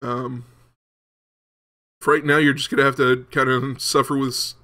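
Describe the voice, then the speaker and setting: A man's voice: medium pitch, little pitch movement, moderate pace, bright, forceful tone. A young man casually commenting as he plays a game, rambling with many ums and restarts. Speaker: gaming video host. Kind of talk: casual let's-play commentary.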